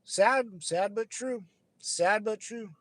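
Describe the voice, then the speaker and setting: A man's voice: high-pitched, takes it slowly, fairly bright tone, no echo. A young man from California ranting casually, rambling with frequent restarts, fillers and swearing. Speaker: channel host. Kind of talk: casual rant.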